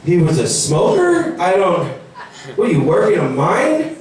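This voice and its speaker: A young man doing a stand-up comedy set. He talks in a rambling, animated way and mocks people in put-on voices. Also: high-pitched, measured pace. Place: comedy venue. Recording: very echoey room, mic far off.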